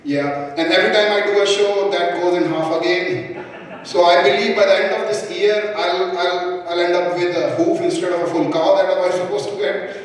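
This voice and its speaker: A young man from India with an Indian accent, doing a live stand-up set with a halting delivery full of ums and restarts. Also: high voice, fairly even intonation. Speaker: stand-up comedian. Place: comedy club stage. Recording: echoey hall, mic far off.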